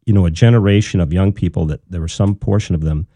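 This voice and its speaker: A man's voice: deep voice, quick pace, warm tone, dry recording. A middle-aged man, a researcher in communication, speaking as a guest in a casual radio interview, thoughtful and loose with fillers and restarts.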